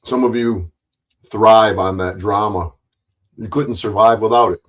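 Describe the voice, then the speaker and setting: A man's voice: lowish voice, fairly even intonation, measured pace. Swearing, ranting man. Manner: blunt, heavy swearing, mocking voices; repeats himself, frequent restarts. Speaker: streamer. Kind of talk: angry ranting monologue.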